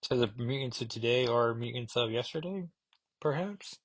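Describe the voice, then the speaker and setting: A man's voice: medium pitch, expressive, moderate pace, no room sound. A man hosting a podcast who reviews a comic book casually, rambling and correcting himself as he thinks aloud. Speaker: podcast host.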